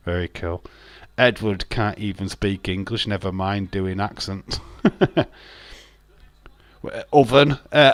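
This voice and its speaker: A man's voice: on the low side, a bit bright, no echo. A man chatting casually on a live watch-along stream, rambling and joking as he reads out chat messages.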